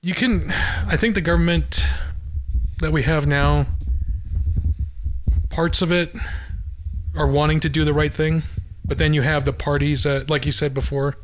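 A fairly high-voiced man from Wyoming rambles through loose podcast talk. He laughs often and trails off between thoughts. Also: steady tone, measured pace, a little hiss or hum. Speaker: podcast co-host. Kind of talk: casual podcast chat.

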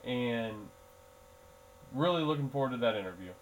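A man's voice: mid-range voice, animated, moderate pace, slight background noise, rough recording. A man hosting a solo sports podcast, talking casually in a groggy early-morning voice, rambling with fillers and restarts. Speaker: podcast host.

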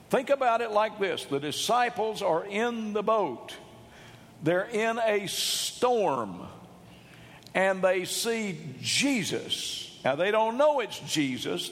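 A man preaching a sermon, emphatic, rising to loud shouts when he quotes. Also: a little high, creaky. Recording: long hall reverb.

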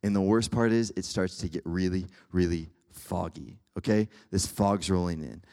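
A man's voice: low voice, fairly even intonation, moderate pace, few pauses, a little mellow. A young man preaching a casual sermon to students, keeps checking in with his listeners. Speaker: campus ministry speaker.

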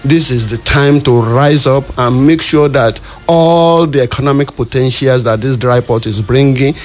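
A man urging action in a radio discussion, earnest and halting. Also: medium pitch. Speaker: radio guest.

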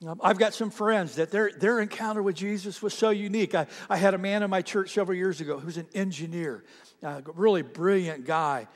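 A man's voice: sits high, brisk. A man preaching a sermon as a pastor, telling stories earnestly and repeating words as he builds them. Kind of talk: sermon storytelling. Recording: long reverb of a large hall.

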